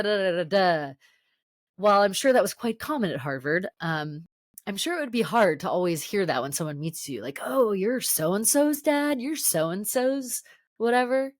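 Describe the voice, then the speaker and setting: A woman's voice: low-pitched, no echo. Chatty woman podcaster, dry close sound. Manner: chatty, self-correcting storyteller with lots of fillers. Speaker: podcast host. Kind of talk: solo podcast monologue.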